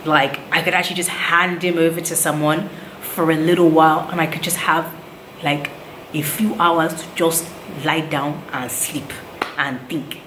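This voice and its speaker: A woman from Nigeria shares a story on her vlog in casual, animated talk. Her voice sits a little low and bounces off the walls of an echoey room. A faint hiss sits under her words. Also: moderate pace. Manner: animated retelling, acts out others' lines. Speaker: vlogger, new mother. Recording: roomy echo, faint background noise.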